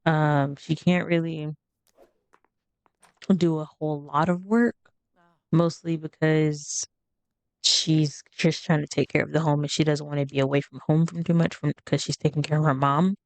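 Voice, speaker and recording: A woman's voice: deep voice, level tone, normal speed, no room sound. A woman casually narrating her life-simulation gameplay in a chatty, rambling way. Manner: chatty, rambling, with fillers and asides. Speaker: game streamer narrating gameplay. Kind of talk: casual let's-play commentary.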